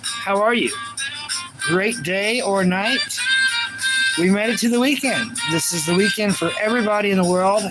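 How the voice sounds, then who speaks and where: A man's voice: sits high, moderate pace, poor audio. American guy streaming live, chatty and repetitive, saying hi to chat, music blasting in the back. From United States. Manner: repetitive, greets viewers one by one. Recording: loud music playing behind. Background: loud background music.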